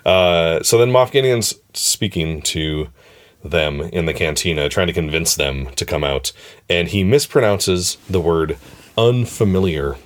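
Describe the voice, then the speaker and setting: A male host with a deep, low-pitched voice talks in a relaxed, chatty way. He laughs often and fills pauses with ums and uhs. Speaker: podcast host. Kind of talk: casual chat.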